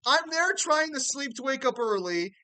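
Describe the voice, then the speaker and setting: A man hosting a casual stream, chatting loosely and swearing, with sudden animated outbursts. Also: very high voice, moderate pace, noisy background. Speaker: streamer host.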